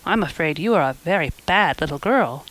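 A woman's voice: sits low, lively intonation, fairly quick, a bit bright, low-quality recording. Marilla, a woman doing a stern older guardian. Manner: stern, admonishing.

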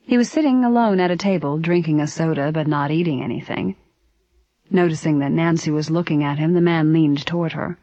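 A woman narrating a story aloud in a steady, even reading voice. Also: low voice, fairly quick, no room sound. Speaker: audiobook narrator. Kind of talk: scripted narration. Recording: dry, slightly dull recording.

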